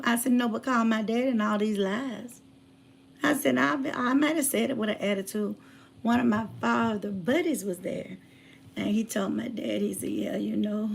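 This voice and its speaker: A woman telling a personal story in casual chat, drifting from hushed asides to loud emphatic bursts. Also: on the high side, gravelly, a little hiss or hum. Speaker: channel host.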